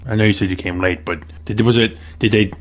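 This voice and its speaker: A man's voice: fairly low pitch, steady tone, fast talker. A man co-hosting a casual podcast, friendly and chatty, asking questions and reacting. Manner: friendly, laughs easily, chatty. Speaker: podcast co-host.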